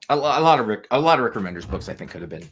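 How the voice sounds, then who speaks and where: A man's voice: medium pitch, very animated, very fast, a bit bright, a little hiss or hum. A middle-aged man co-hosting a podcast in casual chat, talking in a thoughtful, digressive way. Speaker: podcast co-host.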